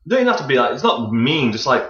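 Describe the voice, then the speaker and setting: A man's voice: medium pitch, big pitch swings, very fast, pushed and bright. A man in his twenties co-hosting a podcast, chatting casually, rambling and swearing a lot. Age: 20s. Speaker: podcast co-host. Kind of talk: casual chat. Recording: dull, roomy home recording.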